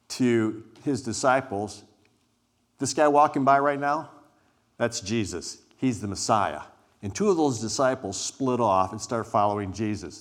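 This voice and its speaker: A man giving a conversational, inviting sermon to a congregation as a guest preacher. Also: lowish voice. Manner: conversational, inviting, acts out scripture scenes. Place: church hall before a live congregation.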